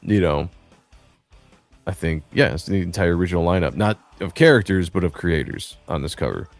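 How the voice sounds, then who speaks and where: A man's voice: low voice, normal speed, soft background music. A man hosting a casual comics livestream, reading chat aloud and teasing his co-hosts in a laid-back way. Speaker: livestream host.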